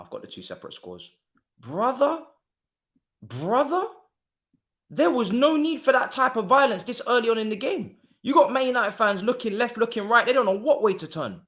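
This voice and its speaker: Young guy, high lively voice, slangy and exclamatory, for a live football watchalong stream. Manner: animated and exclamatory, slangy, mutters asides to himself.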